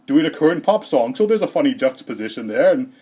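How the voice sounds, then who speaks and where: Man, comedic Santa persona, deadpan, rambling, hesitant, mid-pitched voice. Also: quick pace, breathy edge. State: slightly out of breath. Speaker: comedic vlogger in character as Santa.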